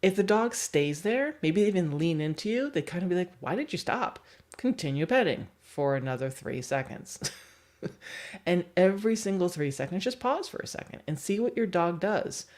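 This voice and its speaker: A woman's voice: on the low side, expressive, normal speed, darkish tone. A woman dog trainer giving a chatty livestream teaching talk and laughing often.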